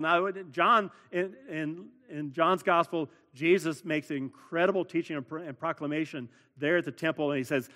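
A man preaches in an earnest voice that sits a little high, repeating key words and building to louder emphasis. His sermon rings out with a long reverb, as in a church sanctuary. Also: steady tone, moderate pace, few pauses. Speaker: pastor.

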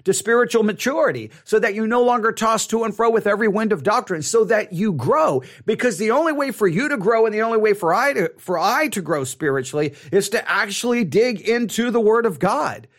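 A man's voice: high-pitched, lively intonation, fairly quick, hardly any pauses. A man, a pastor hosting a live Bible study podcast, talking in an earnest, conversational way with frequent restarts.

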